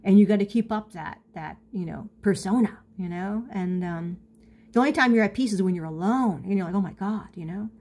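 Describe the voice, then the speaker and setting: A middle-aged woman in a casual confessional monologue, halting and full of restarts, candid and self-mocking with small laughs. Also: mid-range voice, darkish tone. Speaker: vlogger.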